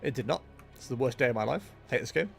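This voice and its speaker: Lively, chatty male game streamer. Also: mid-range voice, fast talker, creaky, faint music behind. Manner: chatty, self-mocking, jokey asides. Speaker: gaming livestreamer. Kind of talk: casual live commentary while playing.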